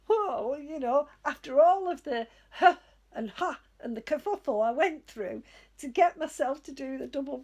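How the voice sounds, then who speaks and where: High, unhurried woman medium. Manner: gentle and reflective, often laughing at herself. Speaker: psychic medium. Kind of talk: spiritual guidance talk.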